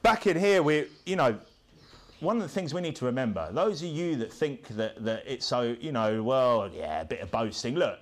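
A man preaching a sermon in a fairly high voice that swings widely up and down. His delivery is punchy and rhetorical, and he keeps tossing tag questions at the congregation to check they follow. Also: lively intonation, moderate pace.

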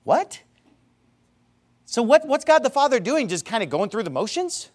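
A man's voice: extremely high pitch, brisk. A man preaching a sermon, quoting scripture and driving his points home through emphatic repetition and rhetorical questions. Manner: animated, emphatic, repeats phrases for emphasis; calls a congregation member up for a live illustration. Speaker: pastor.

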